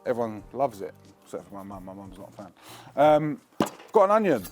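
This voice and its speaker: A man's voice: fairly low pitch, expressive, fairly quick, warm tone, soft background music. A man hosting a cooking show, talking in a slangy, chatty, joking way while he cooks in a kitchen. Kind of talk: casual cooking demonstration.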